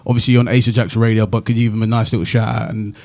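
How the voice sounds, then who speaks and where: A man's voice: lowish voice, little pitch movement, racing, a little mellow. A man from South London with a South London accent, co-hosting a radio show in casual, easygoing chat with friendly banter. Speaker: radio co-host.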